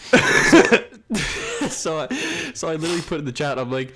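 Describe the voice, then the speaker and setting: A man's voice: on the high side, lively intonation, fairly quick, crowd noise. Laughing young man telling a crude story. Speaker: podcast co-host. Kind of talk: casual chat.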